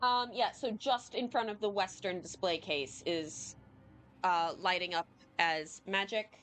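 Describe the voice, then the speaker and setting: A woman running a tabletop game as game master, narrating in a halting way with many ums and restarts. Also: mid-range voice, a bit bright, faint music behind.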